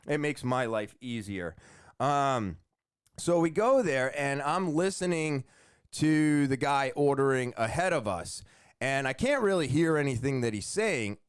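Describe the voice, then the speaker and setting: A man's voice: on the high side, clear, resonant tone, no room sound, studio quality. Chatty man telling a rambling story. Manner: rambling, joking, many fillers and asides. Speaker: podcast host. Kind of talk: casual solo podcast storytelling.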